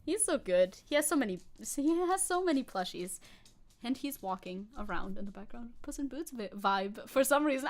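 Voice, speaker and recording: A woman's voice: fairly high pitch, lively intonation, moderate pace, slight background noise. A young woman from Germany chatting casually on a live stream, rambling and giggling as she reads and answers chat. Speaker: VTuber streamer.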